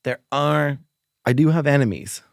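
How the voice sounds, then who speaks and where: A man's voice: fairly high pitch, normal speed, creaky, no room sound, studio quality. An Irish man co-hosting a podcast, telling a comic story and acting out both sides of it. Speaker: podcast co-host.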